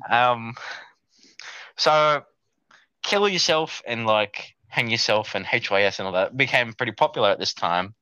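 A man's voice: medium pitch, a little slow, bright, forceful tone, clean tone, no room sound. A young man telling a rambling, sweary story in casual chat, acting out his younger self. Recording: dull lo-fi dry sound.

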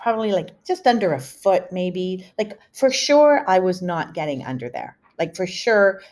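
A middle-aged woman hosting a podcast, telling a family story in an animated, chatty way full of asides. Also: lowish voice, moderate pace. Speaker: podcast host. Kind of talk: storytelling monologue.

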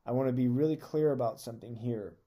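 A man's voice: medium pitch, quick pace, muffled recording. A man preaching a conversational sermon on a podcast, earnest and reading scripture aloud with emphasis.

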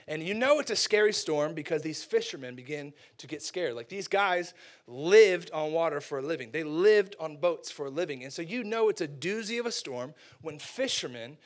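A man preaching a lively, casual sermon, acting out characters and using slang. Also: fairly high pitch, normal speed.

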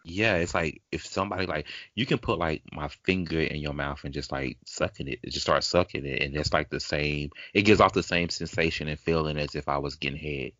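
Man, very deep voice, blunt slangy talk, dull lo-fi sound. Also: fairly even intonation, a little fast, few pauses, sharp tone, no room sound. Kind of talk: casual chat.

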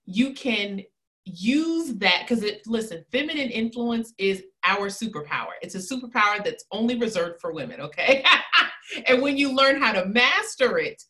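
A woman who coaches women in body language and communication, talking in a casual interview with emphatic, animated delivery and frequent laughter. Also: on the high side, moderate pace.

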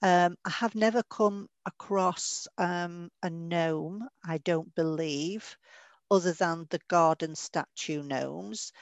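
A woman's voice: on the low side, takes it slowly, no room sound. A woman, a medium giving a podcast interview, who tells stories in a chatty, anecdotal way and laughs now and then. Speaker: guest medium.

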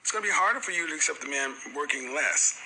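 A man's voice: fairly high pitch, animated, fast talker, bright, forceful tone, a little hiss or hum, rough recording. A middle-aged man hosting a casual panel talk show, speaking emphatically and tossing out joking one-liners. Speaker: podcast host.

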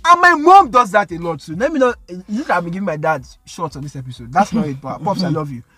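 A man's voice: high voice, fast, breathy edge, faint music behind. A man with a Nigerian accent, co-hosting a podcast in casual, slangy chat that slips into pidgin. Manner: animated, slangy, mixes in pidgin. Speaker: podcast co-host.

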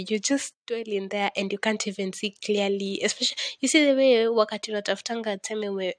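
A woman's voice: medium pitch, no room sound, studio quality. A young woman with a Kenyan accent hosting a casual solo podcast, rambling and dramatic, laughing often. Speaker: podcast host.

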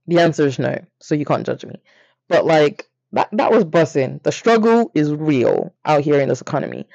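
Young guy podcasting, gravelly fry, playful and animated, kinda dull lo-fi dry audio. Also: brisk, no room sound. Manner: animated, playful, leaps up in pitch for emphasis. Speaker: podcast host. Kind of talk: casual storytime chat.

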